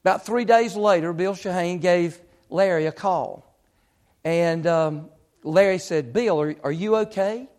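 A man's voice: sits high, unhurried, darkish tone. A man preaching, retelling a story with lots of quoted speech in an earnest, building way. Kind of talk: sermon storytelling.

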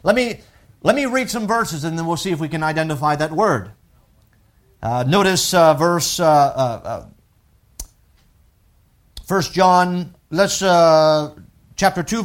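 Animated, high-pitched male preacher. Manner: reads scripture slowly, then preaches with rising emphasis and repetition. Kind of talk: sermon.

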